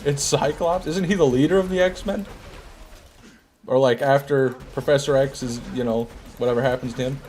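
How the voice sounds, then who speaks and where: A man's voice: mid-range voice, fairly even intonation, normal speed, darkish tone, slight background noise. A man streaming a game, chatting casually and joking while he answers viewers' chat. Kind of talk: casual gameplay commentary, reading chat.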